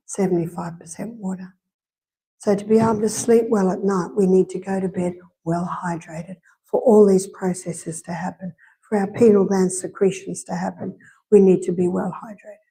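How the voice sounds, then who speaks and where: With a mellow, mid-range voice, this middle-aged woman speaks in an Australian accent at a live health talk in a church hall. Her manner is conversational; she drives points home through repetition and shares anecdotes.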